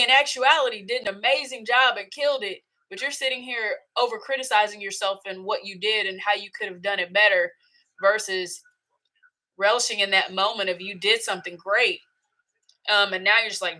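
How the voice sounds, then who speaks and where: Woman, middle-aged, talk host; bright tone, emphatic and conversational. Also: medium pitch, moderate pace, low-quality recording. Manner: chatty, emphatic, acts out her inner voice. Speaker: podcast host. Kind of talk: casual talk to camera.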